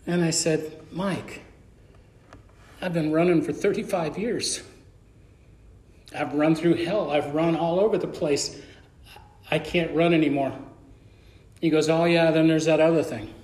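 A man's voice: a little high, fairly even intonation, a little slow, pauses often, darkish tone. A middle-aged man preaching a sermon as pastor, telling a story and acting out the dialogue. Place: church sanctuary. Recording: echoey church room.

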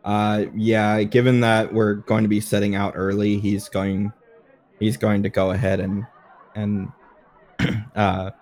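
A man playing a tabletop game who talks in a halting, unhurried way. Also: lowish voice, flat delivery, a little mellow. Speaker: player. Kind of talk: casual tabletop play.

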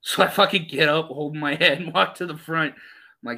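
A man hosting a podcast, telling animated, profane stories in casual chat. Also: fairly high pitch, a little fast. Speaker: podcast host.

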